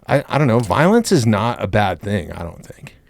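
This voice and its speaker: A man's voice: fairly low pitch, sing-song, moderate pace, vocal fry, no room sound. A man hosting a podcast, chatting in a laid-back way and calling his guest dude. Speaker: podcast host. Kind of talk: casual podcast chat.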